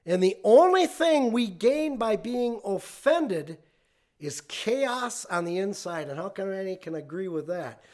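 A man with a notably high-pitched voice delivers a relaxed, conversational sermon. He talks in a folksy storytelling way, chuckling as he goes. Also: a little slow. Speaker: pastor.

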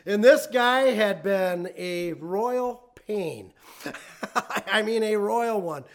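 A man with a notably high-pitched voice delivers a relaxed, conversational sermon. He talks in a folksy storytelling way, chuckling as he goes. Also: very slow. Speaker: pastor.

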